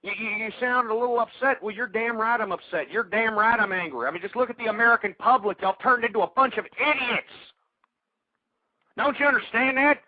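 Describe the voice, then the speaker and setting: Hosting a call-in show, a man rants angrily about politics, hurling insults at listeners and stammering into restarts. He speaks fairly quickly in a high voice. There's no echo, and the audio has a tinny, phone-like radio quality.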